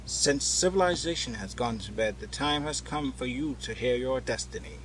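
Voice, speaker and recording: A man's voice: medium pitch, sing-song, normal speed, slight background noise, natural voice, rough recording. A man voicing a grave, mocking grown wanderer in a storybook reading, with a dry, sardonic delivery.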